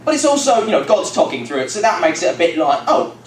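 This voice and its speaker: In a church youth room, a young man casually retells a Bible story, rambling and joking with many fillers. His high voice is very animated and quick, a crowd can be heard behind him, and the recording is distant, echoey and noisy.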